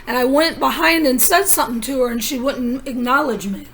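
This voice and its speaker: High-voiced woman telling an urgent story. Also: a little fast, creaky, a bit bright, slight background noise. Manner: urgent, conspiratorial storytelling with many asides. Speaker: vlogger. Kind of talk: rambling personal monologue.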